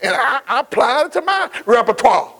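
A man's voice: extremely high pitch, big pitch swings, sharp tone, low-quality recording. A man preaching a sermon, calling out to his congregation, stretching out scripture lines and dropping folksy asides. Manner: call-and-response preaching, drawn-out scripture quotes, folksy asides. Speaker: pastor.

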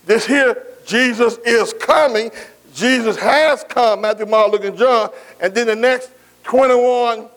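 Preacher guy w a really high voice, keeps saying amen, repeats himself, drags out the scripture reading. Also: a little slow, a bit bright. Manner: emphatic, repeats phrases and calls amen to the congregation. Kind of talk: sermon.

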